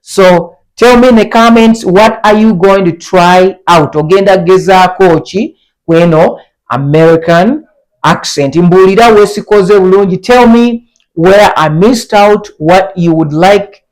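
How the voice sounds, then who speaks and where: A young man teaching an online language lesson, repeating each word slowly for learners to copy. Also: sits high.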